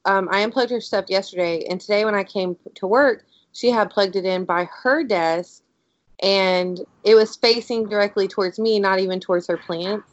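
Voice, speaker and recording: A woman co-hosting a podcast, telling a story in a casual, animated way and saying "like" a lot. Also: mid-range voice, normal speed, dry recording. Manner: animated, excitable storyteller, heavy use of "like". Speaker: podcast co-host. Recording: dry, dull lo-fi audio.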